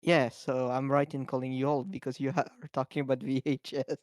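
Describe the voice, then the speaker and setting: A man's voice: mid-range voice, little pitch movement, brisk, dry recording, studio quality. A man from France with a French accent, a guest in a casual chat, teasing and laughing often.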